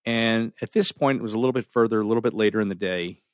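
A middle-aged man telling a personal story in an animated way, full of restarts and dramatic pauses. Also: lowish voice, dry recording, studio quality.

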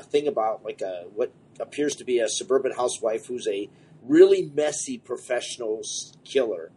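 A man co-hosting a casual comics podcast, rambling and excitable, running a comic shop and apologizing for talking too much. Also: mid-range voice, slightly rough. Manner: rambling, excitable, self-deprecating.

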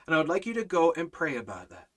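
A man's voice: on the high side, huge pitch swings, quick pace. A man teaching a livestreamed Bible study in an emphatic, repetitive preaching cadence, reading out viewer comments as he goes.

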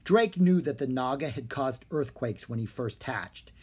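A narrator reading a children's storybook aloud. The delivery is clear and expressive, with a medium-pitched voice. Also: unhurried. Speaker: audiobook narrator.

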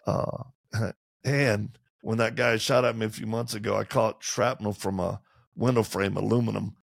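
A man with a very gravelly, husky voice tells candid stories as an interview guest, lively and humorous. He slips into other voices for the people he quotes. The sound is close and dry. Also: on the low side, moderate pace, no room sound. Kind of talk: animated storytelling in conversation.

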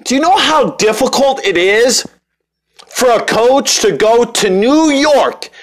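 High-voiced rambling sports podcast guy. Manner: rambling, joking, frequent restarts and fillers. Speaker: podcast host. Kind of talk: casual sports podcast talk.

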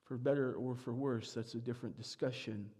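A pastor preaching a sermon, moving from quiet reflection to loud, emphatic peaks. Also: male voice, medium pitch, fairly even intonation, fairly quick, slightly rough.

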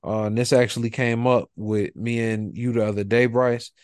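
A man co-hosting a podcast, talking in a relaxed, rambling way with lots of fillers. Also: mid-range voice, normal speed, smooth, no room sound, studio quality. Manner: laid-back, rambling, filler-heavy talk. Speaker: podcast co-host. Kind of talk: casual chat.

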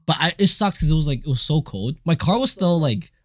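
A young man co-hosting a casual podcast chat, telling stories in an animated way, full of fillers and swearing freely. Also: fairly high pitch, a little fast, no echo, clean studio sound. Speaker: co-host.

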